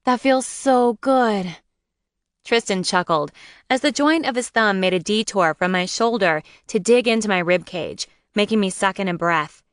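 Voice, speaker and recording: A woman reading a first-person romance audiobook with a wry, lively storytelling manner. Her voice is smooth and clear, recorded dry and close with no room sound. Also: medium pitch, normal speed, dry recording. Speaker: audiobook narrator.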